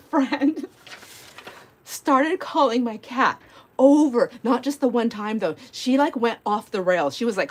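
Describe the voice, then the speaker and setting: Giggly, rambling woman host at home. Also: a little high. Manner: rambling, giggly storytelling with many fillers. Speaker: live-stream crafting host. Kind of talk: casual chat while crafting. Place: home craft space.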